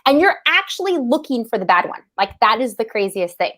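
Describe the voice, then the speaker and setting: Animated higher-voiced woman podcaster. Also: fairly quick. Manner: animated, frequent "like" and "right?" asides. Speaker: podcast co-host and public speaker. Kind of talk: casual conversational storytelling.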